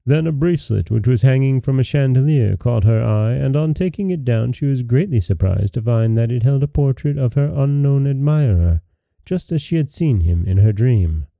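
A man hosting a podcast and reading a fairy tale aloud in a calm, measured narration. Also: medium pitch, creaky, no room sound. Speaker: podcast host and storyteller.

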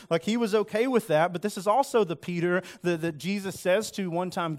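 A man's voice: sits high, fast, hardly any pauses. A man preaching a sermon in a conversational, earnest way, acting out quoted lines with rising emphasis. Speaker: pastor.

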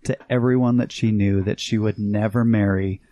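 Low, flat-voiced man, dry wit. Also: moderate pace, no room sound. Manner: dry, wry interjections. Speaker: guest. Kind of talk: casual chat.

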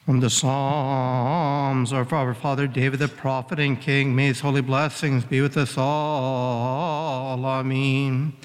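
Slow man reading a psalm. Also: medium pitch, flat delivery, in a large hall. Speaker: psalm reader. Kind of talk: scripture reading. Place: church.

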